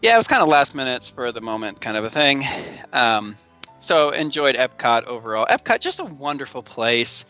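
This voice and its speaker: A man's voice: mid-range voice, very animated, moderate pace, pushed and bright, highs cut off, soft background music. A man co-hosting a podcast in casual chat, talking in a chatty way and laughing often. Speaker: podcast co-host.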